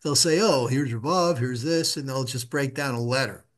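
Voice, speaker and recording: A man giving a relaxed one-on-one Hebrew reading lesson, patiently sounding out syllables for his student to repeat. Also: mid-range voice, normal speed.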